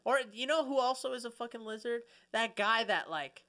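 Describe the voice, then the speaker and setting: A man co-hosting a podcast in casual comedic chat, animated and profane, rambling with many restarts. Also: very high-pitched, moderate pace. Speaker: podcast co-host.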